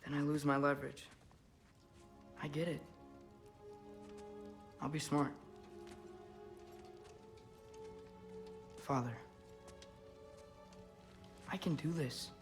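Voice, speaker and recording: An actor playing an earnest, determined teenage boy in a video game cutscene, speaking softly and tenderly at times. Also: a little high, takes it slowly, long pauses, music in the background. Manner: soft and tender with animals. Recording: game audio with steady ambient noise.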